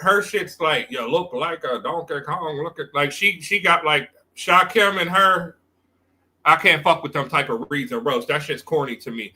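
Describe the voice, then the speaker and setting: A man's voice: a little high, sharp tone. A man hosting a livestream, giving blunt, profanity-heavy trash talk and rambling commentary that circles back on itself. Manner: rambling, repeats himself. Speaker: livestream host. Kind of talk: unscripted stream commentary.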